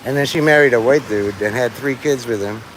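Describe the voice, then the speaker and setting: A man's voice: mid-range voice, fairly quick, a little hiss or hum, low-quality recording. Rambling, profane man streaming outdoors. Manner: profane, meandering, full of fillers. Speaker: livestreamer. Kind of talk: rambling live stream monologue. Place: outdoors in the rain. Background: rain.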